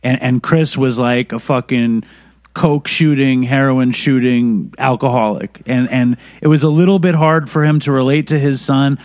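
A man's voice: medium pitch, steady tone, normal speed, a little mellow, no echo, studio quality. A man in casual conversation, telling candid, profane stories about a late friend. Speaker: podcast guest.

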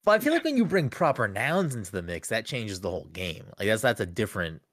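A man's voice: fairly low pitch, very animated, fast, fairly bright tone, no room sound, clean studio sound. A man hosting a podcast in casual chat, swearing freely and rambling with restarts. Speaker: podcast host.

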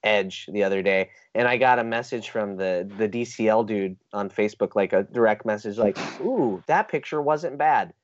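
A man's voice: lowish voice, steady tone, fairly quick, hardly any pauses, no echo. A man hosting a casual podcast, joking about himself in a loose chatty way. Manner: self-deprecating, joking. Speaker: podcast host. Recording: dry, dull lo-fi audio.

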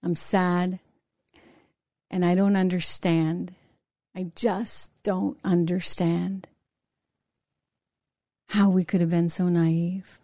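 Indignant woman commentary host, mellow voice. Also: on the low side, level tone, slow pace, pauses often, dry recording, studio quality. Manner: emotional, indignant, reading viewer comments. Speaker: talk show host. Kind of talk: political commentary show.

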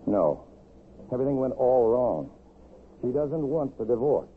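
A man's voice: medium pitch, big pitch swings, unhurried. An actor playing a strained young man in a 1950s radio drama, speaking curtly. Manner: strained, curt. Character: tense young man in a bad marriage. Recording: tinny, hissy 1950s radio broadcast.

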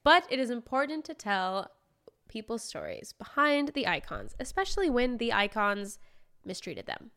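A woman co-hosting a podcast in casual chat, giving quick, opinionated reactions. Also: a little high, big pitch swings, a bit bright. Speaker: podcast co-host.

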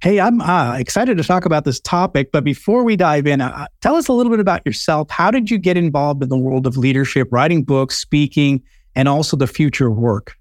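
A man's voice: fairly high pitch, lively intonation, fairly quick, no room sound, clean studio sound. Friendly podcast host, a man. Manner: conversational, encouraging, some fillers. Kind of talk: interview hosting.

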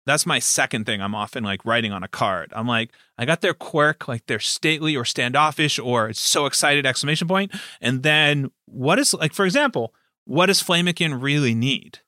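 A man's voice: medium pitch, animated, moderate pace, bright, forceful tone, dry recording, clean studio sound. A man who runs tabletop games, chatting casually and rambling with lots of fillers. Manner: rambling, many fillers and restarts. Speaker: game master and podcast host. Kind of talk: casual chat.

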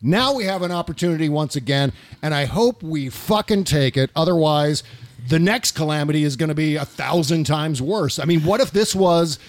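A man's voice: fairly high pitch, animated, moderate pace, no room sound. A man hosting a political talk show, ranting passionately in casual talk and swearing now and then.

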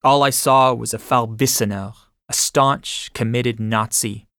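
Audiobook memoir reader, male, measured and steady, dry close recording. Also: mid-range voice, smooth, no echo. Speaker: audiobook narrator. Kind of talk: first-person memoir narration.

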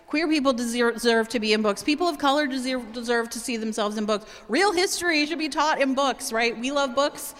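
A woman's voice: high-pitched, a bit bright. Chatty woman co-hosting live on stage. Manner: chatty, quick asides, laughs often. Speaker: podcast co-host. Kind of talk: live stage show banter. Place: large hall with live audience. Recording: long hall reverb, audience crowd.

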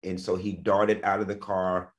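A man's voice: low voice, level tone, normal speed. A man co-hosting a casual talk show, telling weekend stories in a flamboyant, playful way. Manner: flamboyant, playful, dramatic storytelling. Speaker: co-host. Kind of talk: casual chat.

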